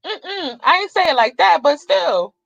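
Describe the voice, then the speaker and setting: Young adult woman vlogger, blunt and cursing; bright, sharp tone, a bit muffled lo-fi recording. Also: very high-pitched, animated, a little slow, gravelly, dry recording. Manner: blunt, profane, fiery. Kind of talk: casual ranting monologue.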